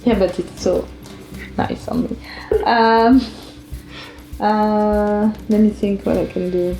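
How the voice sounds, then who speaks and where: A woman's voice: medium pitch, fairly even intonation, slow pace, mellow. A woman playing a tabletop game, thoughtful and hesitant, with non-native phrasing. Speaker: player. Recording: echoey room with faint music.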